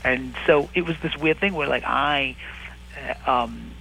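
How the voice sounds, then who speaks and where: A man in his thirties speaks in a relaxed interview, his voice gravelly yet bright and pushing forward. He searches for words as he goes, with frequent restarts and small fillers. The delivery is thoughtful and conversational. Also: mid-range voice, measured pace, a little hiss or hum, low-quality recording. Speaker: actor and writer, interview guest.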